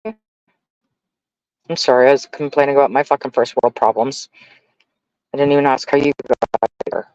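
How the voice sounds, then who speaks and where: A woman's voice: rumbling low, steady tone, a little slow, long pauses, a little mellow, no echo. A woman livestreaming, ranting in a heated, profane, rambling way to her chat. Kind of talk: casual live-stream rant. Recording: dull dry lo-fi stream audio.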